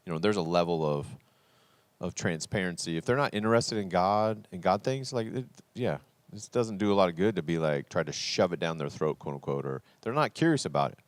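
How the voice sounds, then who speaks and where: Man, deep voice, earnest podcast host, dry close mic. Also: animated, a little fast, no echo. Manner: earnest, acts out quoted dialogue. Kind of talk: unscripted faith conversation.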